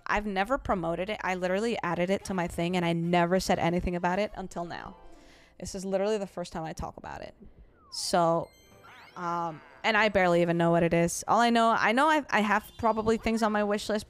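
Young female streamer, offhand self-deprecating chat, faint game music under her. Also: medium pitch. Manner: self-deprecating, swears casually. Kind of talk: casual gaming stream chat.

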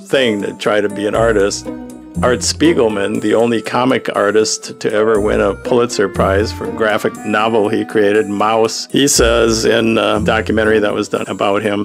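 A man's voice: lowish voice, level tone, normal speed, gravelly, soft background music. An older man, a political cartoonist, telling stories about his career in a wry, reflective monologue, chuckling between remarks, recorded outdoors among trees.

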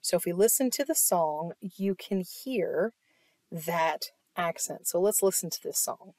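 During an online music theory lesson, a woman explains things step by step, frequently checking in with "right?" and clapping to demonstrate. Her lowish, darkish voice is animated and unhurried.

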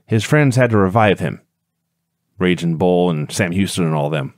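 Low-voiced man recapping a match. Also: moderate pace, dry recording, studio quality. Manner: steady storytelling recap. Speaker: podcast co-host. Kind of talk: casual play-by-play recap.

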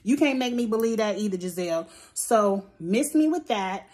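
This woman talks through a reality show recap like she's venting to a friend. She is blunt and swears freely, and her delivery stays animated throughout. Her voice sits at an ordinary mid pitch. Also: normal speed. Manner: blunt, profane, animated storytelling. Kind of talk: casual opinionated commentary.

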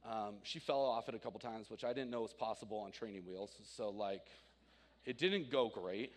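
A man in his thirties preaching a sermon, telling personal stories with animated swings from loud to quiet. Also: lowish voice, normal speed. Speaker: pastor. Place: church sanctuary. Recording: reverberant church hall.

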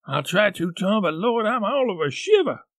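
A high, shaky boy's voice from the backwoods, whispering in thick rural dialect and climbing sharply in pitch as fear takes hold, as a man reads him in an audiobook. He is superstitious and easily spooked, and the sound is close and dry. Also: lively intonation, normal speed, a bit bright, slightly rough, dry recording, exaggerated voice. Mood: terrified. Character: scared backwoods boy, superstitious, rustic.

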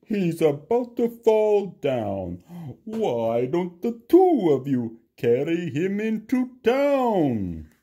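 A man voicing a rude rider in a storybook, loud and scolding. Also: high voice, wildly swooping pitch, very slow, breathy edge, pitched above the performer's own voice, full character voice.

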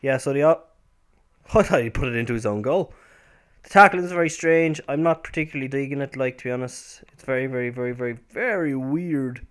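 A young man talks loosely through a football video game as he plays, wandering off on tangents with plenty of fillers and restarts. He breaks into sudden excited shouts when a shot goes in. His pitch sits in an ordinary middle range for a man. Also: a little fast, clean tone. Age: young adult. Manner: rambling, with sudden excited outbursts. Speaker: gameplay commentator. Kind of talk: casual gameplay commentary.

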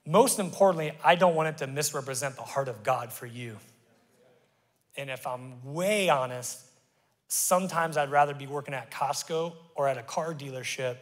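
The reverb of a live church hall surrounds a middle-aged pastor whose voice is medium in pitch, picked up by a stage microphone in the auditorium. Preaching his sermon, he shifts from emphatic, loud calls to hushed confessions.

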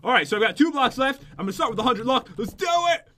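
A man's voice: very high voice, lively intonation, rapid-fire, sharp tone. A man hosting a gameplay video, chatting casually with a teasing, joking manner and laughing often. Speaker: gaming video host.

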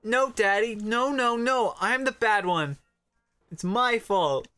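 A man's voice: sits high, takes it slowly, sharp tone, clean tone, no echo, pitched above the performer's own voice, full character voice. A man voicing a headstrong young mafia daughter, whiny and pleading.

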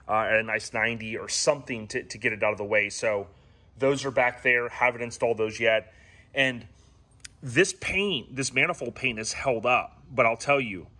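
A man hosting a casual, rambling walkaround of his classic car, giving owners tips. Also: mid-range voice. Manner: relaxed and rambling, many ums and restarts.

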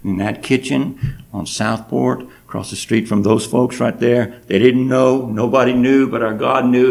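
A man with a gravelly, creaky voice preaches. He tells a personal story from the pulpit and grows emotional and loud as it builds. His pitch stays moderate. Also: steady tone, normal speed. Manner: emotional, swells up when telling the story. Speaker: pastor. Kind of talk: storytelling sermon. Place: church sanctuary.

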